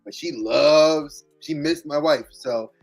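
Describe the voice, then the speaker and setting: A man from New York hosting a casual live chat, animated and quick, often repeating words as he jumps in. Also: on the high side, creaky, soft background music. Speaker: livestream host.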